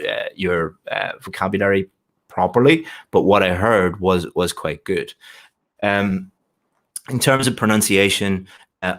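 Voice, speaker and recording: A man's voice: low-pitched, fairly bright tone. A man working as an English exam tutor, giving one-on-one feedback patiently, explaining step by step and often restarting his sentences.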